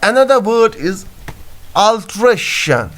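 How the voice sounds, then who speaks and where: A man teaching poetry in a halting classroom lecture, with many fillers and self-corrections. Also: high-pitched, very animated, fairly bright tone.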